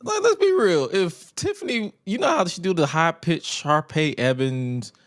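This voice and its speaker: A man co-hosting a podcast, telling stories expressively and swearing freely. His pitch swings widely as he talks, and his voice is close and dry, with no room sound. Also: normal speed, dry recording. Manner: expressive storyteller, acts out quotes, swears freely. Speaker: podcast co-host. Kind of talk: casual chat.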